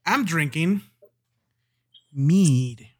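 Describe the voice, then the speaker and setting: A man's voice: fairly high pitch, animated, extremely slow, background noise. A man co-hosting a tabletop gaming podcast, chatting casually, teasing and joking with his friend and swearing now and then. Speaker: podcast co-host and dungeon master. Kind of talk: casual chat.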